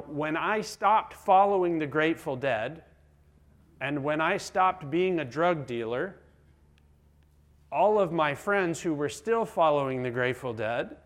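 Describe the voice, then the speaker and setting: A middle-aged man preaches a sermon in a slightly raised register. He drives his points dramatically, leaning into loud emphasis and then sinking to near-whispers. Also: fairly high pitch. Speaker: pastor.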